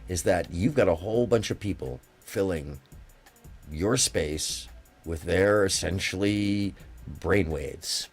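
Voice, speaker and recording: Soft music plays behind this livestream call-in host, whose low-pitched voice is slightly rough and slow. He rambles through stories with emphasis and a wandering pace, keeping the call-in chat casual.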